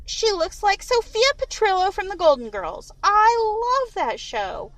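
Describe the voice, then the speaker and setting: A woman's voice: very high voice, huge pitch swings, a little slow, a bit bright, no room sound, distant mic, pitched above the performer's own voice, exaggerated voice. A woman voicing a cheerful, bubbly young woman friend who laughs easily.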